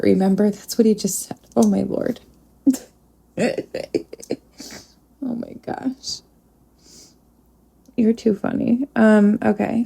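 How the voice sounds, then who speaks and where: In a session communicating with spirits, a woman medium talks gently and stops at times to speak to something unseen. Her pitch is medium and her voice creaky.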